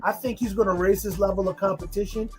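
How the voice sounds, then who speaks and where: A man's voice: high voice, fairly even intonation, quick pace, faint music behind. A man in a casual boxing chat, blunt and weary, cursing freely. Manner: blunt, tired, cursing banter.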